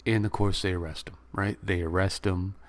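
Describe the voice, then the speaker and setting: A man recapping and reviewing a movie in a rambling, excitable way, acting out lines from the scenes. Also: sits low, normal speed. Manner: excitable, rambling retelling with laughs and quoted lines.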